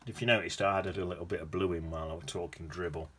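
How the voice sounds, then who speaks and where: A man's voice: deep voice, flat delivery, very fast, fairly bright tone, slightly rough. A man teaching watercolour painting in a chatty, rambling way, humming to himself as he paints. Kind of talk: casual painting demonstration.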